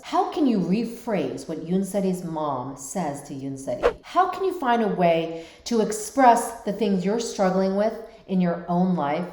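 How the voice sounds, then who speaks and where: A woman's voice: fairly low pitch, reverberant, background noise. A woman hosting a show that looks at TV dramas through mental health, talking in a reflective way and often checking in with "right?". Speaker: host.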